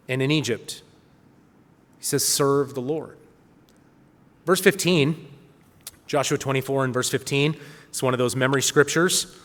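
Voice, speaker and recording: A man's voice: fairly high pitch, a bit bright, big-room sound. A man giving a sermon, reading scripture aloud with earnest, rising emphasis. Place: church hall.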